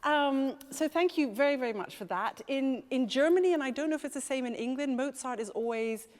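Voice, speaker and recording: A woman's voice: high voice, a little fast, darkish tone. Chatty woman teaching a horn masterclass. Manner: chatty, enthusiastic, laughs often. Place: large music college hall. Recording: echoey hall.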